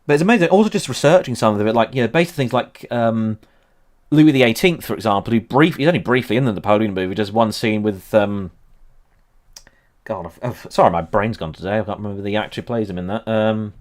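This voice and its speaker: A man's voice: on the low side, quick pace. A man in his thirties hosting a casual livestream about history, rambling with lots of ums and laughing often. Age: 30s. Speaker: history channel host.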